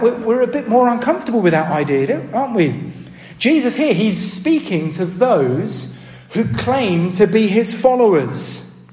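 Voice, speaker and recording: A man with a high, darkish voice gives an earnest sermon in a church hall, and the recording carries roomy hall reverb. He often checks in with the congregation, asking them questions, and repeats words when he starts over.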